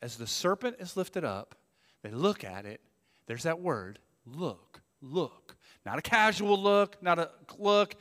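A male pastor preaching a sermon, swinging between loud emphasis and hushed asides. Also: fairly high pitch, big pitch swings, slow pace. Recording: long reverb of a church hall.

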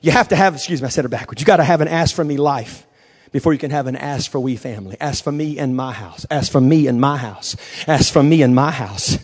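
A man pastor preaching a sermon, moving from quiet storytelling to shouted, fervent declarations. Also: mid-range voice, fairly quick, breathy edge.

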